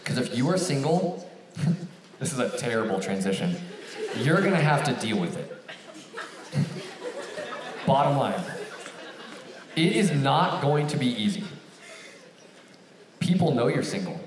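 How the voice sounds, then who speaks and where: A young man preaches to a crowd, telling a story and jumping into big excited voices for each character. His pitch swings widely as he goes. The sound is roomy and picked up from a distance. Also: measured pace, long pauses, slight background noise. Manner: animated, acts out phone dialogue in raised voices. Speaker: campus ministry speaker. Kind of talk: storytelling sermon to a live audience. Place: large hall with an audience. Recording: echoey hall, picked up from a distance.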